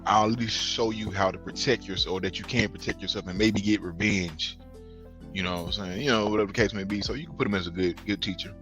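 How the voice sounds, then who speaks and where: A man with a lowish voice weighs in on a loose podcast conversation. He talks emphatically in slang and restarts and repeats his points, and faint music plays behind. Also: steady tone, fast talker, fairly bright tone. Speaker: podcast co-host. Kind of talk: casual group chat.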